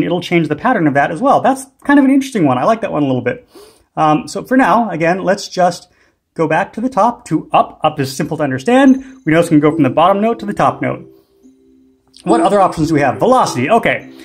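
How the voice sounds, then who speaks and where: Husky-voiced man explaining gear, fairly high. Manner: unhurried, with frequent ums and restarts. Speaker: music gear tutorial host. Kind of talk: casual instructional demo.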